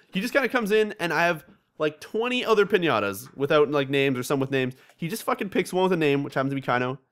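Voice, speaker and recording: A young man hosting a casual gaming podcast, telling animated stories with lots of swearing and laughter. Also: on the high side. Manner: fast, animated storytelling with frequent swearing and laughter. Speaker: podcast host.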